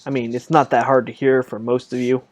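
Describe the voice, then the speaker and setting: A man running a tabletop game as game master, narrating in a casual, halting way. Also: medium pitch, little pitch movement.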